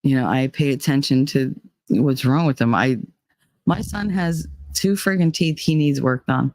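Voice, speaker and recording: A woman's voice: extremely low pitch, moderate pace, darkish tone, no room sound. A woman hosting a casual livestream chat, venting bluntly and swearing heavily as she talks. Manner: profane, heated and blunt. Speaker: livestream host.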